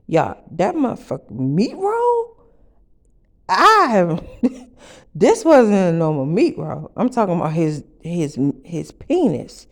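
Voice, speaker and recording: A woman telling a wild first-person story for a vlog, brash and profane, with loud bursts and asides to her viewers. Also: on the low side, big pitch swings, takes it slowly.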